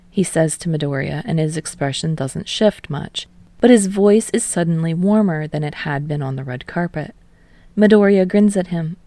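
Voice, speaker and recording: Gravelly low woman reading fan fiction. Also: moderate pace, mellow, no room sound. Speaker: podfic reader.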